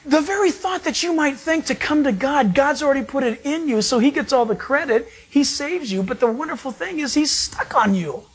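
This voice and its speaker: A man preaching a sermon as a pastor, emphatic and animated. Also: extremely high pitch, normal speed, hardly any pauses. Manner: emphatic, animated preaching that acts out quoted voices.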